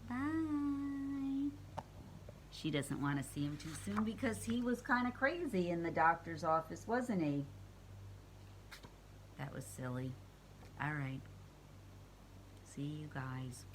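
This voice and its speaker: A woman reading a children's picture book aloud, expressive and playful, chatting to young listeners between pages. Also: deep voice, a little slow, pauses often, background noise. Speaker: storyteller. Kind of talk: storybook read-aloud.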